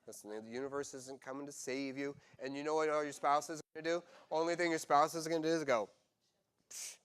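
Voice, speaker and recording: Man, pastor, sermon, fairly high voice, animated, humorous asides. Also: fast, smooth.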